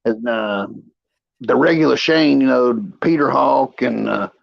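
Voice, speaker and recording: A man's voice: medium pitch, measured pace, creaky, no room sound, highs cut off. A man co-hosting a casual livestream chat, rambling through stories with crude language. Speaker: co-host.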